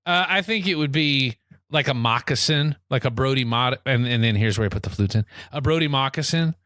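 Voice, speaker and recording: Podcast co-host, male, rambling comic storyteller, bright dry voice. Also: medium pitch, animated, brisk, no echo. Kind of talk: casual comedic chat.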